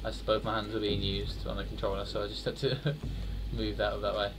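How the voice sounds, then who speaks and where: A young man commentating on his own horror-game playthrough, muttering and swearing, then bursting into loud shouts. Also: fairly low pitch, little pitch movement, fairly quick, music in the background. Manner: swears a lot, swings from muttering to loud outbursts. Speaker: gaming streamer. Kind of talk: let's play commentary.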